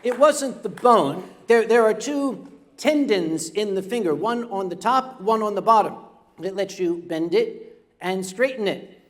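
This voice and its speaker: A man's voice: high voice, lively intonation, a little slow. An older man telling a comic story live on a convention stage. He stammers and chats with the audience as he goes.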